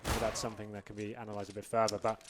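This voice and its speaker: A man's voice: lowish voice, flat delivery, rapid-fire, heavy background noise. A man hosting and casting a live esports match, playful and hyping it up with announcer flourishes. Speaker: esports caster and host. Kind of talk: live esports commentary and desk chat.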